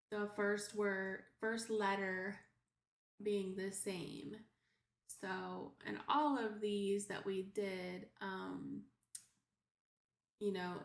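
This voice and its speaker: A woman preschool teacher speaking in a somewhat high voice, walking parents through an activity. She explains at an unhurried pace with frequent fillers. The room around her is echoey. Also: a bit bright. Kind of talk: instructional video for parents.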